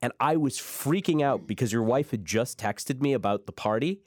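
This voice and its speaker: Male co-host, casual talk, quick asides, varied pitch, dry studio mic. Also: animated, no room sound. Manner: chatty, quick reactions and asides. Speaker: radio co-host. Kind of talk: casual chat.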